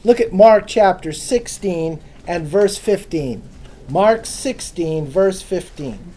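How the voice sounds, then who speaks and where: A man teaches from the Bible to a small gathering in a loose, conversational way. His voice is mellow and dark, and he keeps turning to the listeners with questions. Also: high voice, animated, takes it slowly, slight background noise. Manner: casual, chatty, asks the audience questions. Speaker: preacher. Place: room with a small live audience.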